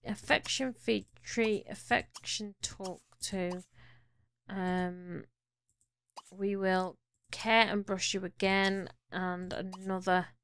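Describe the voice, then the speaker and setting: A woman's voice: mid-range voice, fairly even intonation, takes it slowly, a bit bright, clear, resonant tone, dry recording. Chatty woman playing a life sim. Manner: chatty, talks fondly to her game characters. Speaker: gaming YouTuber. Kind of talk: casual Let's Play commentary.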